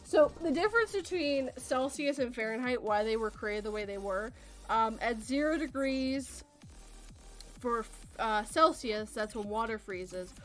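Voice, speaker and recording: A woman's voice: on the high side, a little slow, a bit bright, faint music behind. A Canadian woman hosting a casual podcast chat, rambling through explanations and laughing often. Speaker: podcast host.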